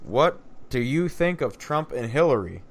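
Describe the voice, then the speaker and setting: A man's voice: mid-range voice, sing-song, measured pace, creaky. A man co-hosting a casual chat, reading out listener questions and speaking bluntly with frequent swearing. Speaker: podcast co-host.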